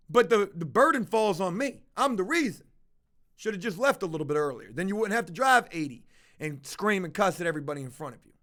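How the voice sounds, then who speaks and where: A man's voice: high-pitched, bright, forceful tone. A man livestreaming to his viewers, telling a confessional story in a blunt, profane, casual way. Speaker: livestreaming vlogger.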